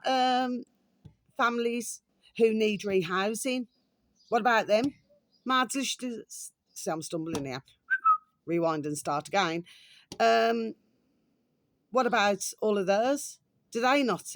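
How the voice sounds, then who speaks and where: A woman's voice: medium pitch, dry recording. A woman talking casually to camera, ranting in a chatty, repetitive way and often calling her viewers pet names. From England. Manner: chatty, repetitive, ranting, calls viewers "my delicious little babies". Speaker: vlogger.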